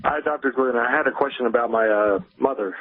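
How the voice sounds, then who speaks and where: An American man calling a radio show with a question, hesitant with many pauses, over a tinny phone line. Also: mid-range voice, dry recording. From United States. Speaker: caller.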